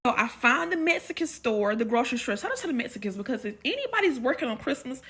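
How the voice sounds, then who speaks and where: A woman's voice: sits high, big pitch swings, fast talker, a bit bright, husky. A woman telling a family holiday story in a casual storytime, chatty and full of asides.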